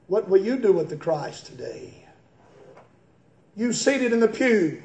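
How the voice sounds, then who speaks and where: A male pastor preaching a fiery sermon in a church, swinging from quiet, slow reading to high, shouted preaching. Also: very animated, creaky. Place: church sanctuary. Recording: echoey church room.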